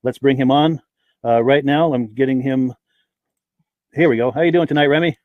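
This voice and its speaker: With phone-quality sound and no room ambience, a male podcast host chats on a live stream and reads viewers' names and where they're from. His voice is medium in pitch and his speed is normal.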